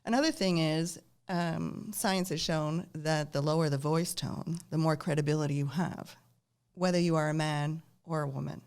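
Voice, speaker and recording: A woman's voice: deep voice, moderate pace, darkish tone, clean tone. A woman giving casual advice on how to speak with credibility, explaining and affirming in an interview. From lived many years in Ontario. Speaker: guest expert on nonverbal communication.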